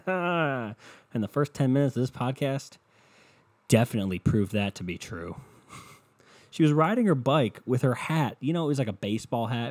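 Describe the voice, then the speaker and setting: A man's voice: mid-range voice, darkish tone, no echo. A man hosting a solo podcast, ranting in a scatterbrained, profane way from a hot indoor room. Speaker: podcast host.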